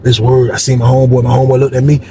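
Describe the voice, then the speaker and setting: A man telling a story from prison life in a casual, animated way, acting out what people said with sudden jumps in voice. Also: very fast, over a noisy crowd. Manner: animated, acts out quotes with big pitch jumps.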